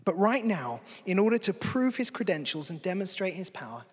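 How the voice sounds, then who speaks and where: A man's voice: high voice, sing-song, a little fast, breathy edge. A man preaching a sermon in a conversational, earnest way. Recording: long hall reverb.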